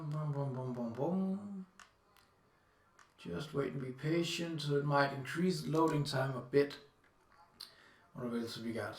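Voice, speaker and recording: A man's voice: a little high, reverberant, distant mic. A man streaming live, casually reading out descriptions and musing aloud with lots of fillers.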